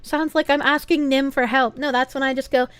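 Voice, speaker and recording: A woman's voice: high voice, steady tone, brisk, fairly bright tone, no echo. A woman streamer in casual chat, reading viewer messages aloud, giggling often and talking bluntly and crudely.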